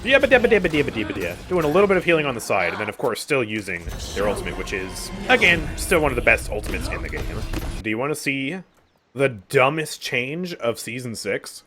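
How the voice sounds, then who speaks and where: A man's voice: medium pitch, big pitch swings, fairly quick, bright, forceful tone, slight background noise. A young man giving casual gameplay commentary on a game update, sarcastic and exasperated, often sighing and laughing. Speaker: gaming YouTuber.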